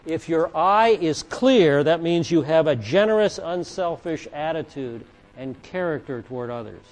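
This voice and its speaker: Higher-voiced man teaching scripture. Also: lively intonation, unhurried, a little mellow. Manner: asks the audience questions and jokes with listeners; reads scripture aloud with emphasis. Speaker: Bible teacher. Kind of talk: conversational Bible teaching.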